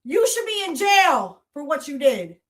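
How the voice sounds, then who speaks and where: A woman's voice: high-pitched, big pitch swings, a little slow, fairly bright tone. A woman hosting a podcast, delivering a heated, profane, accusatory monologue full of repeated rhetorical challenges. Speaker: podcast host. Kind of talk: angry monologue rant.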